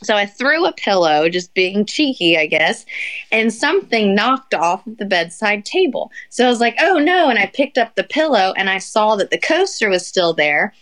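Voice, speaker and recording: A woman's voice: mid-range voice, big pitch swings, normal speed, a bit bright. A young woman in casual chat, rambling through an embarrassing story with lots of fillers and laughter.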